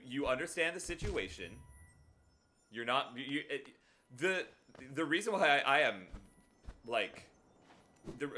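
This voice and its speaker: A man's voice: medium pitch, bright, forceful tone. A man streaming a video game live, talking earnestly and directly to his viewers in casual chat. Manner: earnest, talks straight to viewers.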